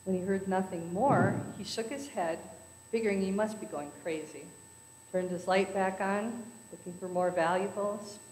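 A woman's voice: medium pitch, fairly even intonation, moderate pace, darkish tone. A woman at a church service telling jokes to the congregation, acting out the characters. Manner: storytelling with voices for characters. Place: church sanctuary. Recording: echoey church hall.

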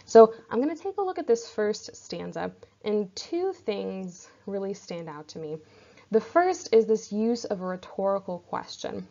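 Slightly gravelly woman teaching a lesson. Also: mid-range voice, expressive, unhurried, mellow. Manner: patient, checks in with "right?" and "okay?". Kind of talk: explanatory literature lesson. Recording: dull lo-fi recording.

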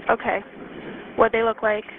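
A woman working as an emergency dispatcher, asking short, brisk, businesslike questions on a call. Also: a little high. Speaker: 911 dispatcher. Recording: tinny phone line with steady hiss.

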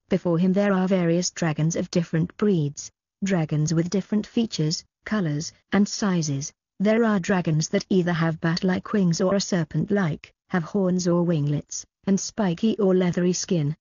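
Mellow breathy woman narrating an audiobook. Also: on the low side, no echo. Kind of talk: storybook narration. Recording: dull, slightly lo-fi dry recording.

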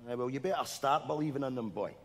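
A Scottish man in live sketch comedy, telling a ghost story in a hushed, spooky way. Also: mid-range voice, fast talker, long reverb tail.

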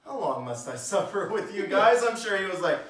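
A man with a fairly high voice preaches in a relaxed, talky way, firing rhetorical questions at his listeners. He sounds set back from the microphone, and the church hall rings with heavy echo around him. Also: a little fast. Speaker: pastor. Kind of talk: sermon. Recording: echoey room, mic at a distance.

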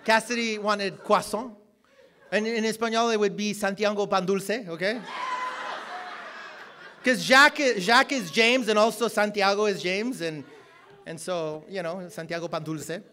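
A man preaching a sermon, telling a personal story, loud and emphatic at times, then dropping to low, quiet asides. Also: steady tone, normal speed, a little hiss or hum.

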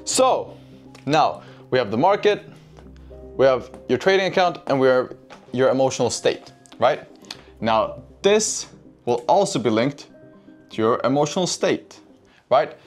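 Male trading coach, mid-pitch, casual and profane, talks straight to chat, faint music bed. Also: animated, unhurried, long pauses. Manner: profane, keeps asking "right?", addresses chat. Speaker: trading educator. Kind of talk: casual whiteboard trading lesson.

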